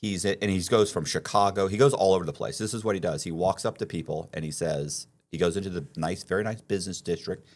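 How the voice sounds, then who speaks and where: A man, the guest on an interview podcast, telling a story in an animated way and acting out bits of dialogue. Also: low voice, fast talker, hardly any pauses. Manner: animated, acts out dialogue, frequent restarts.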